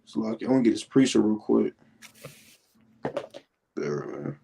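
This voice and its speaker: A man co-hosting a casual Bible study who reads verses slowly and talks in slang. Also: lowish voice, lively intonation, vocal fry, dark tone, slightly rough. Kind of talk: casual religious discussion and scripture reading.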